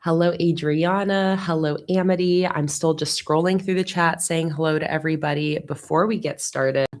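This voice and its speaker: A woman with a low voice chats casually on a livestream from her desk. She greets viewers one by one in an upbeat, friendly way. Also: steady tone, moderate pace. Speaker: livestream host.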